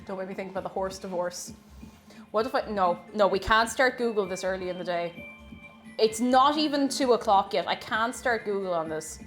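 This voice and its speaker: A woman's voice: mid-range voice, normal speed, faint music behind. A young woman chatting on a baking live stream, greeting viewers one by one and laughing often.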